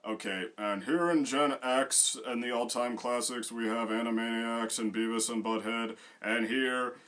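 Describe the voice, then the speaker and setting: A man's voice: medium pitch, steady tone, unhurried. A man co-hosting a casual discussion, rambling with many fillers and restarts. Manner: bursts into loud acted quotes. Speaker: co-host.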